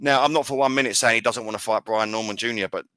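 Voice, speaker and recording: Fast-talking bright-voiced man. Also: on the low side, smooth, no echo. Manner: rapid, stumbling restarts. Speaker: podcast co-host. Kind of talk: casual sports chat.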